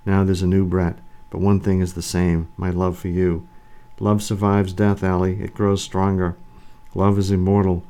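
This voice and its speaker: A man voicing an undead male vampire lover who speaks in a calm, low, intimate way. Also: moderate pace, natural voice. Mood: eerie.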